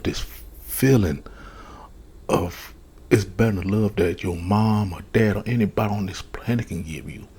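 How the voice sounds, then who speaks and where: A man with a very breathy, soft voice, slowly telling a personal testimony as ASMR. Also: deep voice. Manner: slow, hushed, earnest retelling. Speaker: storyteller.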